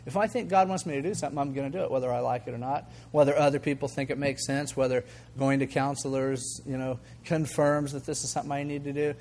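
An older man preaching a sermon as a pastor, talking conversationally and acting out the voices in his stories. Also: mid-range voice. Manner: conversational, animated, acts out quoted voices, chuckles. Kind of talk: sermon with storytelling.

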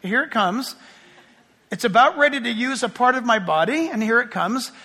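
A man's voice: extremely high pitch, expressive, moderate pace, pushed and bright, big-room sound. A middle-aged man preaching a sermon as pastor, telling chatty stories with self-deprecating humor.

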